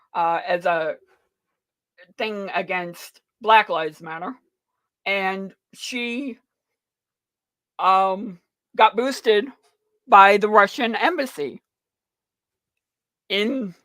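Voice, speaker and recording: Male radio host, live commentary, slow delivery, dry booth sound, rambling and blunt. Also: high voice, pushed and bright, dry recording. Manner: rambling and filler-heavy, blunt and opinionated. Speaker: radio talk show host.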